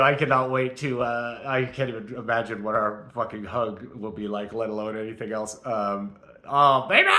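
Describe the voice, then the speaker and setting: A man's voice: mid-range voice, sharp tone. A man recording a rambling, defiant spiritual rant on his phone camera, swearing heavily as he talks. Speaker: vlogger.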